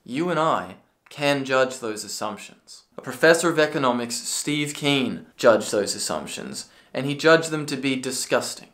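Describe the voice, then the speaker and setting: Sarcastic, swearing male ranter. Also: mid-range voice. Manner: sarcastic, profane, bursts into yelling. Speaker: political commentary video creator. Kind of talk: ranting commentary.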